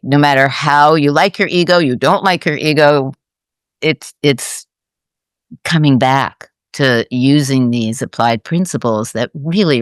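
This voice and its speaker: Female host, reflective and halting storyteller; clear tone, dry close mic. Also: extremely low pitch, no room sound. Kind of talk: conversational storytelling.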